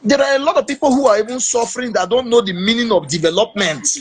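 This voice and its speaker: A man with a Nigerian accent in casual political chat, emphatic and animated, slipping into Pidgin. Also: very high voice, fast talker, breathy edge. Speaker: podcast host.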